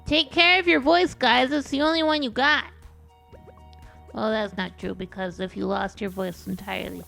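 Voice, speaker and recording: A woman's voice: on the high side, fairly even intonation, normal speed, creaky, pushed and bright. A woman streamer chatting casually while gaming, rambling and self-deprecating, often restarting her sentences. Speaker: VTuber streamer. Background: faint background music.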